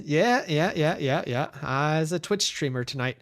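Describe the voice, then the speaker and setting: A man streaming a video game, chatting in a casual, rambling way and talking softly to his pet. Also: a little high, lively intonation, moderate pace, soft background music. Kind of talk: casual chat while gaming.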